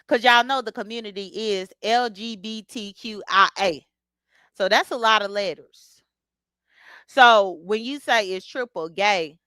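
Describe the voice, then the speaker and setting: In a smooth, medium-pitched voice that's a bit bright, a woman hosts a casual livestream, talking bluntly with features and naming chat viewers as she greets them. The recording is dry.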